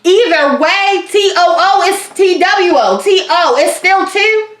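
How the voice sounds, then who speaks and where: A woman's voice: very high voice, lively intonation, takes it slowly, slight background noise. A woman in her thirties co-hosting a casual recap podcast, sassy and emphatic. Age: 30s. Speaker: podcast co-host. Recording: roomy echo.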